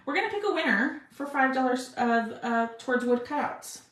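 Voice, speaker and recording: A woman's voice: high-pitched, animated, moderate pace, a bit bright, roomy sound. A woman hosting a live craft stream, chatting with viewers as she works. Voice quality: chatty, talks to viewers with "y'all". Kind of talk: casual live craft demo.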